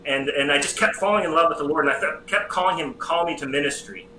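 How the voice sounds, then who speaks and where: A middle-aged American man tells his personal story in a casual interview, lively and poking fun at himself. His voice is very bright and sits a little high. He is recorded in a roomy, echoing space with faint noise behind him. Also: fast. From United States. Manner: lively storyteller with self-deprecating humor. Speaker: guest, priest and psychology professor.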